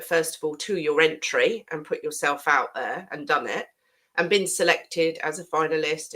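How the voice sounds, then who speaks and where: Low, bright-toned British woman host. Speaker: awards founder and host. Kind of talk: casual interview chat.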